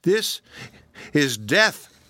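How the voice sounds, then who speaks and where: Audiobook: male reader doing a frightened young woman, raised pitch, trembling, dry close sound. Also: big pitch swings, moderate pace, fairly bright tone, no room sound. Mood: shocked. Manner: trembling, pleading. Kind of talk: audiobook reading.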